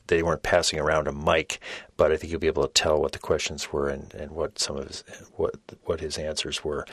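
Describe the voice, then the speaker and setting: Deep-voiced older man musing on a podcast. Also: no echo, studio quality. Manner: thoughtful, hesitant, many fillers. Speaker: podcast host. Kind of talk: reflective podcast commentary.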